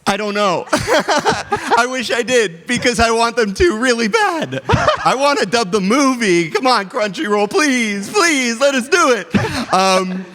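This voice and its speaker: A man's voice: very high voice, big pitch swings, a little slow, pushed and bright. Eager stammering man in a big hall. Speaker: voice actor panelist. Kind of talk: casual convention panel chat. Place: convention panel hall. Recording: reverberant convention hall.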